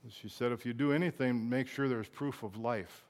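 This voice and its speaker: A middle-aged man preaching a sermon, moving between quiet confiding talk and loud impassioned bursts, emotional at times. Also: medium pitch, normal speed. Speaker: pastor.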